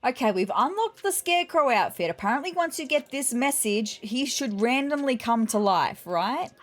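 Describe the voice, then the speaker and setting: A woman's voice: high voice, animated, moderate pace. Chatty woman narrating her game. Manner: chatty, addresses viewers directly, emotional, near tears at times. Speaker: video game commentator. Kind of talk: casual gameplay commentary.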